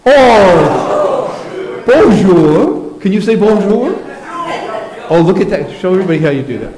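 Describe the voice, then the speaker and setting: Leading the children's moment during a church service, this pastor is playful and coaxing with the kids. His high voice has lively intonation and moves quickly, with a crowd audible behind him. The church sanctuary he's in makes the recording echoey.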